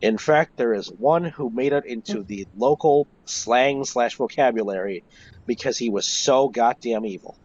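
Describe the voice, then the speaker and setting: A man, a wrestling historian, telling stories in a casual interview, animated and swearing freely. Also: medium pitch, moderate pace. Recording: lo-fi voice chat.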